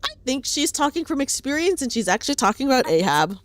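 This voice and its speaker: A woman's voice: high voice, very animated, quick pace, dry recording. A young woman streamer giving casual gameplay commentary, playful and giggly, reading game dialogue aloud for her chat.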